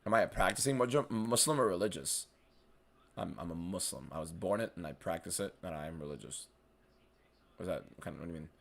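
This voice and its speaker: A man's voice: low-pitched, fairly quick, gravelly. An American man hosting a fight watchalong stream, answering viewer questions in blunt, casual chat with a fair bit of swearing. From United States.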